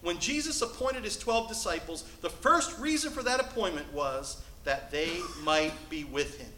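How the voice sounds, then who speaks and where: Animated preacher, bright voice in echoey hall. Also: male voice, high voice, normal speed, slight background noise. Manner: animated preaching that swings from loud to hushed. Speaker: pastor. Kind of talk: sermon. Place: church sanctuary.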